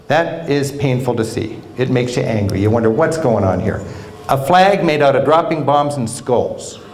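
A man giving a public travel lecture in a university hall, telling stories in an animated way with wry humor. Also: a little high. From United States. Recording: roomy hall sound.

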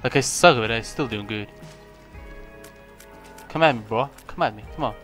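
A young man from Lithuania, a native Lithuanian speaker, giving rambling, self-mocking commentary on his own gameplay, with sudden excited yelps. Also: mid-range voice, normal speed, faint music behind. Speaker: gaming channel host.

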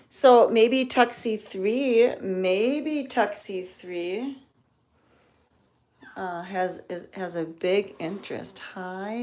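A woman touring a cat sanctuary in a casual vlog, cooing to the cats in high baby talk and sometimes whispering. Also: a little mellow.

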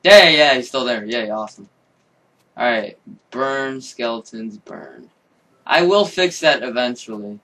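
A young man commentating his own game, excitable and swearing, with sudden yelling outbursts. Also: medium pitch, unhurried, far from the mic. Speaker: gamer.

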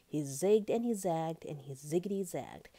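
A woman reading a children's picture book aloud as storyteller, with expressive sing-song narration. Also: low-pitched, normal speed.

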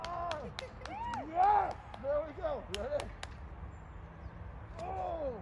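A man with a high voice runs a children's martial arts class outdoors, barking out call-and-response drills and joking between them. Heavy street and traffic noise surrounds him. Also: drawn-out words. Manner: loud, commanding call-and-response drilling, playful.

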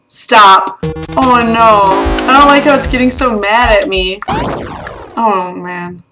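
Sing-song and a little high, this young woman's voice draws out words and pauses often as she narrates her play of a platform game for a gaming video. She yelps, laughs and curses at the game; the rough recording carries background game music.

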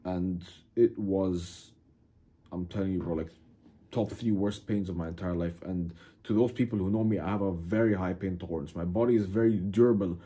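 A young man casually telling a dramatic personal story to camera, animated, cursing and calling the listener "bro". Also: deep voice, normal speed, husky. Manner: animated, swears a lot, keeps saying "bro". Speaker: vlogger.

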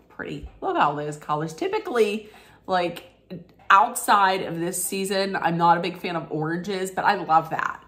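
A woman's voice: medium pitch, fairly bright tone. A woman filming a casual unboxing vlog, gushing and sentimental, rambling with restarts while she gets teary. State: tearful. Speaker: vlogger.

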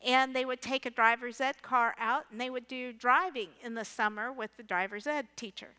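A middle-aged woman pastor telling a personal story in a sermon, as an animated storyteller who acts out the voices she quotes. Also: fairly high pitch, moderate pace, clear, resonant tone. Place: large church sanctuary. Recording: reverberant church hall.

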